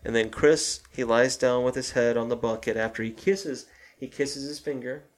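A man's voice: medium pitch, steady tone, normal speed. A man co-hosting a casual film talk, retelling a horror movie scene by scene and acting out its lines. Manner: loose retelling, acts out quoted lines. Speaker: podcast co-host.

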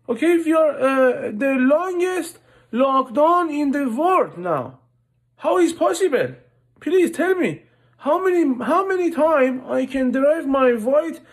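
A man's voice: extremely high pitch, full character voice. A comedian doing an exaggerated Persian-accented immigrant man, ranting in broken English with blunt insults. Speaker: amateur comedian. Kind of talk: comic rant to camera.

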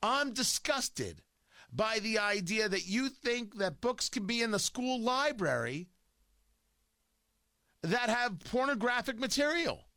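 Loud, combative male talk host. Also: sits high, lively intonation, measured pace, dry recording. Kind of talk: opinion monologue.

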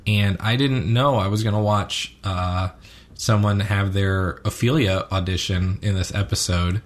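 Low-voiced man rambling through a show recap. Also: steady tone, measured pace. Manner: rambling, many ums and self-corrections. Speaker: podcast co-host. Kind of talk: casual chat reviewing a TV episode.

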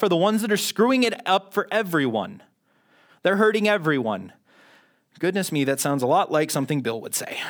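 A man preaching a sermon in a conversational, self-deprecating way, often restarting his sentences. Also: fairly high pitch. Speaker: pastor.

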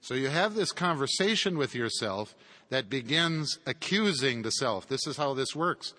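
A man's voice: mid-range voice, animated, normal speed, sharp tone. A man giving a conversational theology lecture with chuckling asides. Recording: long hall reverb.

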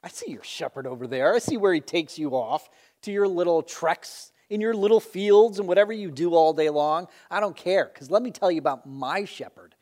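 Boastful male sheep, loud and emphatic, fairly high voice, put on by a preacher. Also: very animated, fairly quick, hardly any pauses. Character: boastful male sheep bragging about his shepherd.

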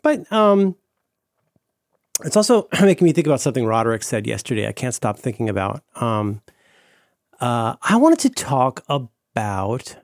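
Casual podcast guest, man, lively pitch, meandering and playful, dry close sound. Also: no echo. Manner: rambling, self-interrupting, playful silly voices. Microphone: remote call mic.

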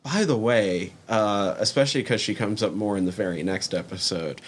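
Low-voiced man swearing casually. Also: moderate pace, a little hiss or hum. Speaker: podcast co-host. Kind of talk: casual chat reviewing a TV series.

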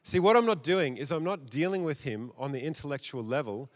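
A man preaching a sermon in a church, theatrical and animated, his loudness rising and dropping. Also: on the high side, a little fast. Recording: echoey church hall.

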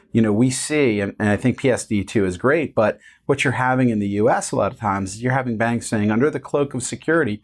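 A man in his forties, a founder talking as an interview guest, relaxed and earnest with many fillers. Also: fairly low pitch. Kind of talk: casual interview conversation.

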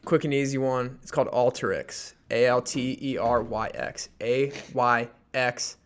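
A man's voice: medium pitch, fairly even intonation, a little slow. A man co-hosting a podcast, talking casually and at length about stocks he is buying, with many fillers and restarts. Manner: rambling and explanatory, full of fillers. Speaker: podcast co-host.

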